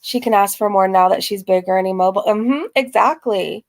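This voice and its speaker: A woman's voice: medium pitch, brisk. Sarcastic woman reacting to a video. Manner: sarcastic, mocking asides to chat. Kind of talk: reaction commentary.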